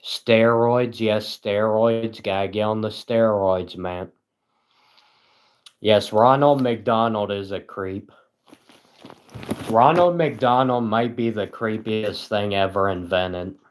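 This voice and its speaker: A man livestreaming at home, reading chat aloud and answering with deadpan sarcasm and frequent chuckles. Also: on the low side, slow pace.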